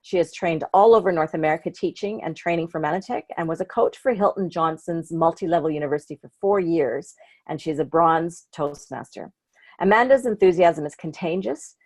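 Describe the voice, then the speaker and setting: A woman's voice: lowish voice, a little mellow, no echo. A woman from Australia hosting a video call, reading an introduction and then asking questions with some hesitation. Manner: reads the intro, then hesitant with fillers and restarts. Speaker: host.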